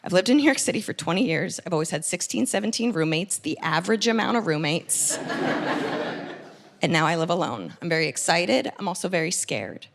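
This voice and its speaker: A woman in her thirties performing a stand-up comedy set, telling a story fast and animated, with loud shouted punchlines. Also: lowish voice, gravelly, heavy background noise. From United States. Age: 30s.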